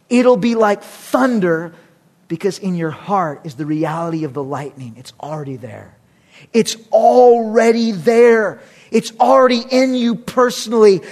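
A man pastor preaching a sermon, emphatic and repetitive, with humorous asides between his points. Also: sits high. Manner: emphatic, repetitive, rising and dropping for effect.

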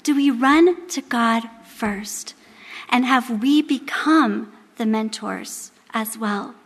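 A woman in her thirties preaches a devotional talk in a candid, joking, lively way. Her voice sits high, and it carries a long hall reverb. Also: slow pace. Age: 30s. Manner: candid, humorous, animated. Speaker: women's Bible study speaker. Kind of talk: devotional sermon.

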